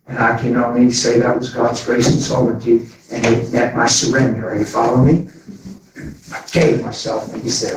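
A man preaching a sermon, telling stories with animated energy, laughing and acting out conversations. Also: mid-range voice, moderate pace, a little hiss or hum. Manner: animated, laughing, acts out dialogue. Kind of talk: sermon with storytelling. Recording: very echoey, distant from mic.

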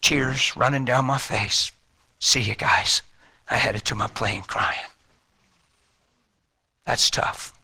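A man's voice: mid-range voice, takes it slowly, gravelly, long pauses, breathy edge. A man preaching a sermon, telling a story and acting out the dialogue, with folksy, colloquial talk. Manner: animated, acts out quoted dialogue in a raised voice. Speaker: traveling preacher. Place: church.

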